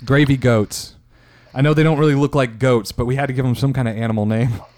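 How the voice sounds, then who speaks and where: A man's voice: mid-range voice, steady tone, fast, a little mellow. A man co-hosting a casual comedy chat, laid-back, laughing often and playing along with the jokes.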